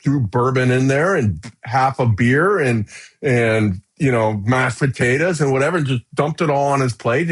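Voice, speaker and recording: This middle-aged podcast guest has a fairly high, husky voice. He tells his story in an animated, casual way, performing the shouting and dropping in fillers like "you know" and "right?".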